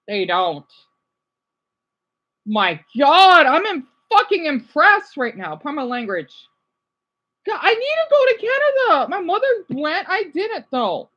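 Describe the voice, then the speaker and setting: A woman's voice: sits high, huge pitch swings, a little slow, fairly bright tone, lo-fi sound. A woman live-streaming her reaction, gushing and exclaiming, easily distracted, who swears casually and then apologizes. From United States.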